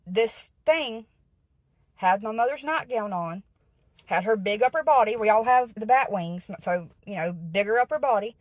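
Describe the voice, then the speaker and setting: A woman's voice: mid-range voice, no echo, poor audio. Woman telling a story, dry close sound. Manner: earnest, keeps checking in with "okay?". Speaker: guest storyteller. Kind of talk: casual spoken storytelling.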